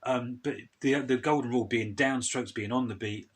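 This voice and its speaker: A man giving a casual, chatty guitar lesson in a relaxed way, with loose restarts and asides. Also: mid-range voice, moderate pace, breathy edge. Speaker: guitar teacher. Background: guitar strumming loudly.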